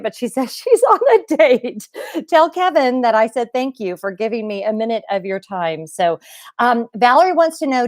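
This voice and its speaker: A woman's voice: medium pitch, dry recording, clean studio sound. A middle-aged woman hosting a casual live stream from home, bubbly and chatty as she greets viewers by name. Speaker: YouTube live stream host.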